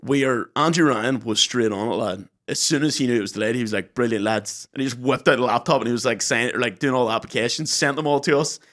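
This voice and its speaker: A man's voice: medium pitch, fast, few pauses, fairly bright tone. Chatty young man. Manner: rambling storyteller, swearing, acting out quotes. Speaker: podcast co-host. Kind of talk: casual chat.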